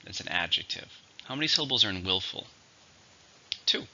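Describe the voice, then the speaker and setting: A man teaching English vocabulary in a slow, clear scripted lesson, repeating each word for learners. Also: low voice, animated, bright, forceful tone, dull audio.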